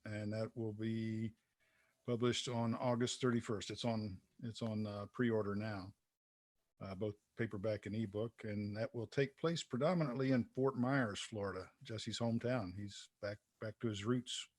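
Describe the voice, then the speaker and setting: A man's voice: on the low side, fairly even intonation, moderate pace, a little mellow, no room sound. A man hosting a podcast and talking about his novels in an easygoing way. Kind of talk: casual podcast chat.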